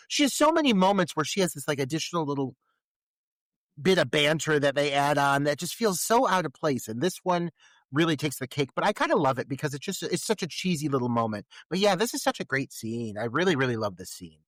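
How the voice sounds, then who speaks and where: A man's voice: on the high side, dry recording. A man co-hosting a podcast, recapping a film in casual chat with lots of swearing and laughter. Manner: animated, profane, laughing recaps. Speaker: podcast co-host.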